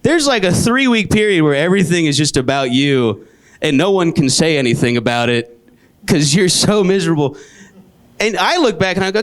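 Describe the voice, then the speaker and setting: A man in his late twenties performing a stand-up comedy set, telling stories in a dry deadpan with sudden jumps into high, exasperated voices. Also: normal speed. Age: 20s. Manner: deadpan storytelling with sudden high-pitched outbursts. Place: comedy club stage. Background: audience laughter.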